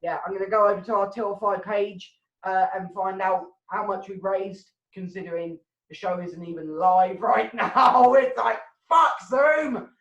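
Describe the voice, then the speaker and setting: A woman's voice: mid-range voice, flat delivery, moderate pace, reverberant, highs cut off. A woman hosting a comedy show from home over a video call, ranting and swearing and laughing at her own jokes. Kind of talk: casual rambling stand-up hosting.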